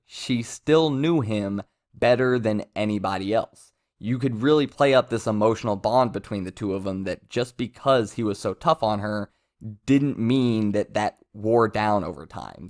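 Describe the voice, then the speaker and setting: A man's voice: lowish voice, unhurried. A man giving casual commentary as a manga reviewer, rambling with self-interruptions and amused asides.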